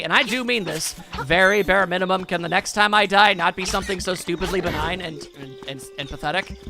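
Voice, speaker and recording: A man's voice: high-pitched, gravelly, sharp tone. A man giving sarcastic, joking let's play commentary as host of his gaming channel.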